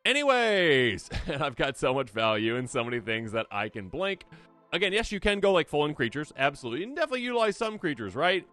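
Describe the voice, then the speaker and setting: A man hosting a casual deck review, jokey and animated, who talks straight to imagined opponents. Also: on the high side, fast talker, faint music behind. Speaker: host.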